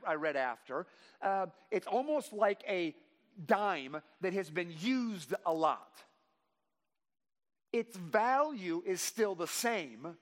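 A man preaching a sermon to his congregation, reading scripture slowly with emphasis and praying in a softer voice. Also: high voice. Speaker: pastor. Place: church sanctuary. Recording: long reverb of a large hall.

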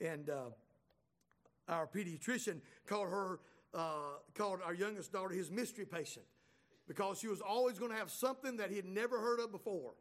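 High-voiced folksy man telling stories. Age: middle-aged. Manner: folksy, chatty, with many restarts. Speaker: speaker. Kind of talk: humorous storytelling to an audience.

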